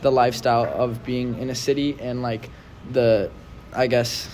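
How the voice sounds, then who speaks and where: A man's voice: medium pitch, flat delivery, moderate pace, darkish tone, slight background noise. A young man from New York City, a band member, talking casually and bluntly with lots of swearing. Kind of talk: casual interview chat. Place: busy pizza shop. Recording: crowd chatter behind.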